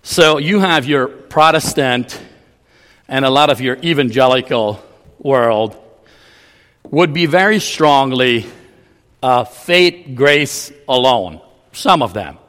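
A man's voice: mid-range voice, lively intonation, takes it slowly, long pauses, fairly bright tone, big-room sound. A man preaching a teaching sermon, explaining ideas in a loose way with frequent restarts.

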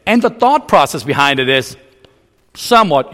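A man's voice: a little high, very animated, normal speed, a bit bright, big-room sound. A man preaching a teaching sermon, explaining ideas in a loose way with frequent restarts.

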